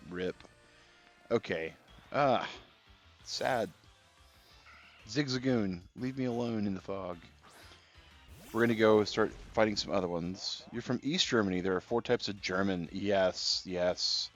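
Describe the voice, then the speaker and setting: Man, very low voice, laid-back rambling stream chat, slightly dull audio, faint game music behind. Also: unhurried, long pauses. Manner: relaxed, rambling, answers chat, many fillers and restarts. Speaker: gaming livestreamer. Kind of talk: casual live-stream chat while playing.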